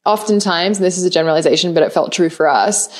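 A woman's voice: lowish voice, fast. A woman hosting a podcast who talks emotionally, laughs often and swears casually. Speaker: podcast host. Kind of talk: podcast interview.

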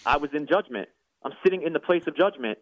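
A man's voice: on the high side, animated, fast talker, no echo. Earnest man telling his story down a phone line. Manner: earnest, preacherly, repeats words when moved. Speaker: guest, former professional soccer player and pastor. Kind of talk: emotional personal testimony. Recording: tinny phone-line sound.

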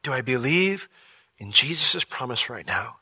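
Bright-voiced man preaching a sermon. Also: mid-range voice, unhurried, slightly rough, dry recording. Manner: lively, conversational, with jokey asides and acted-out quotes. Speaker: pastor.

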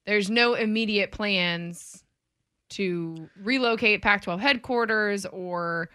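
A woman co-hosting a sports talk radio show, teasing her partners in quick back-and-forth chat. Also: mid-range voice, bright, forceful tone, smooth.

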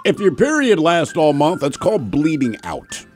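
A man in his fifties hosts a radio quiz, his pitch jumping all over as he tells stories and acts out the voices he quotes. He sits at a studio mic, with faint music running low underneath. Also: huge pitch swings, moderate pace. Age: 50s. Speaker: radio host and quizmaster. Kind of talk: radio banter and storytelling.

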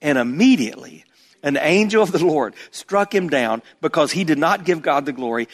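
A man delivers a sermon as pastor, his voice sitting a little high for a man. He swings dramatically between loud, emphatic bursts and hushed, low asides. The sound rings out with long reverb, as in a large church sanctuary. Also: lively intonation, normal speed.

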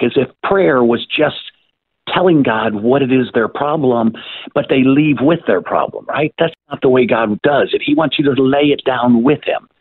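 A man's voice: medium pitch, breathy edge, no room sound. A man telling stories as an author in an interview, chatty, repeating words and acting out the people he quotes. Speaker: author and guest. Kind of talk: casual storytelling interview. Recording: tinny phone-line sound.

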